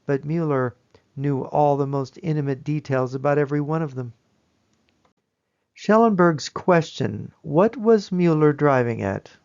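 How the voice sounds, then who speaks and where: A man's voice: on the high side, animated, measured pace, gravelly, darkish tone. Earnest man lecturing, dull lo-fi sound. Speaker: presenter. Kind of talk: lecture-style presentation.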